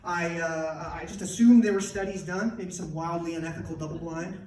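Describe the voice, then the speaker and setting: A man in his thirties from Canada doing stand-up comedy on a club stage, excitable and animated, often bursting into shouts. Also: a little high, fairly quick. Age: 30s. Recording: echoey club from far off, loud crowd laughter. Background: audience laughter.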